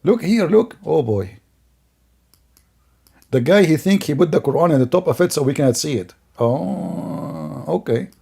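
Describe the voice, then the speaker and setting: Man, sarcastic video commentary, scornful, fairly high voice, dark mellow tone. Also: expressive, unhurried, gravelly, pauses often, husky. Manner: sarcastic, scornful, laughs often.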